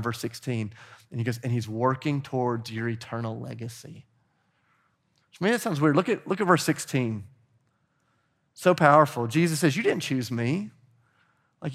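A middle-aged man preaching a sermon as pastor, animated and urging the congregation to join in. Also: mid-range voice.

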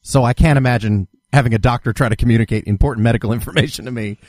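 A man's voice: mid-range voice, racing, darkish tone, no echo, studio quality. A man hosting a casual conversation, reacting sympathetically and asking follow-up questions. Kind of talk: casual interview chat.

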